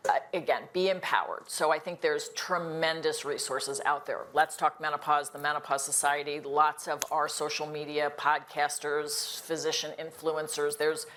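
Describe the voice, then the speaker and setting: A woman's voice: sits low, flat delivery, moderate pace, few pauses, fairly bright tone, slight background noise. An older woman, an internist, speaking earnestly on a live panel, emphatic and full of restarts.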